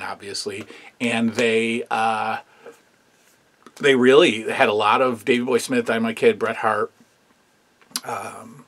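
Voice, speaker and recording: Speaking in a medium-pitched voice with a fairly bright tone, this man hosts a wrestling history review show in a loose, casual style. He rambles, offers plenty of opinions, and leans heavily on fillers.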